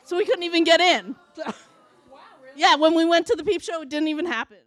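A woman's voice: very high-pitched, a little fast, soft background music, some chatter behind. A woman in her forties telling a funny personal story live, chatty and laughing, with many restarts and quoted asides.

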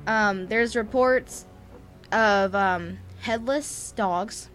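A woman's voice: medium pitch, drawn-out words, fairly bright tone, faint music behind. A woman co-hosting a podcast in casual chat, playful and rambling, often giggling. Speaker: co-host.

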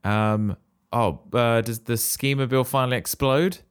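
A man, co-hosting a casual chat, excitable and given to wild guesses and sudden high exclamations. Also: normal speed, slight background noise. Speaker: podcast co-host.

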